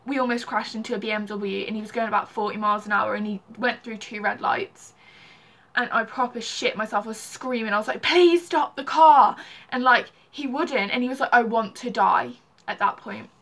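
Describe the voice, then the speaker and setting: Young woman, casual vlog storyteller, slightly high, bright voice, says "like" a lot. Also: fairly even intonation, a little fast. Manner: chatty, heavy use of "like". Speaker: vlogger.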